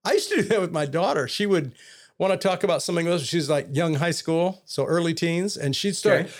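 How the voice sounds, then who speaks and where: Middle-aged guy, pretty high voice, earnest storyteller doing little quotes. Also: expressive, a little fast. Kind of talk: casual conversation.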